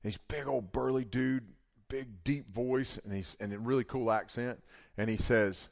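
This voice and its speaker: A man telling a long story in a casual, animated way, acting out the quotes. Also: fairly low pitch, normal speed.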